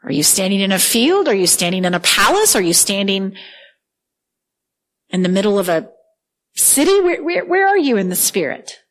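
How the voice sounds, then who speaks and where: A woman preaching a sermon with earnest, animated delivery, often repeating words as she reads scripture aloud. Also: mid-range voice, normal speed, long pauses, low-quality recording.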